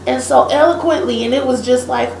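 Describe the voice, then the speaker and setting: A woman with a high, fairly quick voice and some vocal fry co-hosts a casual political chat podcast. She tells a story, acts out what other people said, and laughs often. The room is echoey, with a faint ambient hiss.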